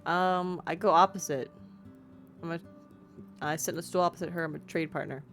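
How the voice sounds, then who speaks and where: A woman's voice: lowish voice, steady tone, a little fast, a bit bright, faint music behind. A woman streamer playing a story game, reading the text aloud and chatting in a casual, self-deprecating, giggly way. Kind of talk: casual let's-play commentary and narration.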